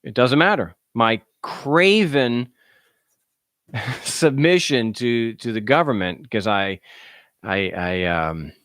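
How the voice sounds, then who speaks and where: This American man hosts a call-in show, and his monologue is casual and sarcastic, with repeated words tripping him up at the start of sentences. He speaks slowly but animatedly in a mid-range voice that's a bit bright, captured in a dry, clean studio recording.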